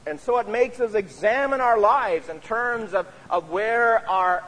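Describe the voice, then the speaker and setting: High-voiced pastor preaching in a reverberant church. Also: male voice, lively intonation, a little slow, a bit bright. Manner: earnest preaching with frequent "you see" asides. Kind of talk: sermon. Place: church sanctuary.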